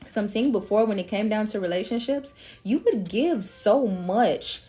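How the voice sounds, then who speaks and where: A woman reads tarot on a live stream in a loose, chatty way, laughing often and calling her listeners love and queen. Her pitch sits in an ordinary middle range. Faint music plays underneath. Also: moderate pace, warm tone. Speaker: tarot reader.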